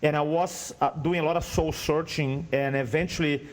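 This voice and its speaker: Brazilian guy w/ portuguese accent, fairly high voice, earnest storytelling. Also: moderate pace. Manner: earnest, animated retelling with acted quotes. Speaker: guest speaker coach. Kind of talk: storytelling interview.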